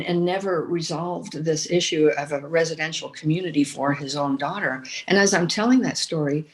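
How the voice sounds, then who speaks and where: Older woman guest, veteran fundraiser, lower register, anecdotal and animated with lots of restarts. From United States. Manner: storytelling, animated, many restarts and repeated words. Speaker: guest, former chief fundraiser. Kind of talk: conversational podcast interview.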